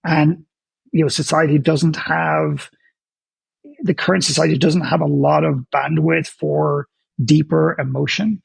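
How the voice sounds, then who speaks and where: Man, husky gravelly voice, blunt and emphatic, dry close mic. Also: a little high, steady tone, a little slow, no echo. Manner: blunt and emphatic, with casual swearing and stammered restarts. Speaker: guest, author and speaker. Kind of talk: candid conversational interview.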